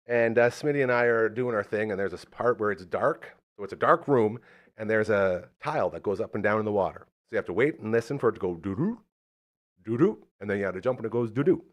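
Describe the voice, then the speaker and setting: A man's voice: fairly low pitch, fast. A man, hosting a casual podcast and telling stories with energy. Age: 40s. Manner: animated storyteller, does voices when quoting. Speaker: podcast host. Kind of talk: casual chat.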